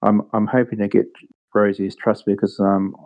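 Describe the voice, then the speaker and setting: As a guest on a podcast, a man with a somewhat British-sounding accent chats casually but hesitantly, with lots of ums and restarts. He speaks at a normal speed in a lowish, level voice, and the audio is dull.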